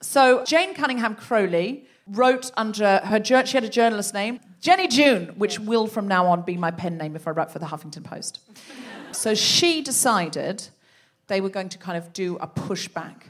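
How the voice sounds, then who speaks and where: A woman's voice: mid-range voice, lively intonation, moderate pace. A woman hosting a live comedy podcast on a theatre stage, chatty and leading the story. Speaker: podcast host.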